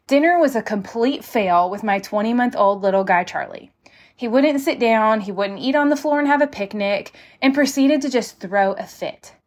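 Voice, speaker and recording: A woman's voice: on the high side, animated, moderate pace. A young woman hosting a devotional podcast, reading scripture and praying in a heartfelt way. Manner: heartfelt, prayerful, repeats "God" and "Father".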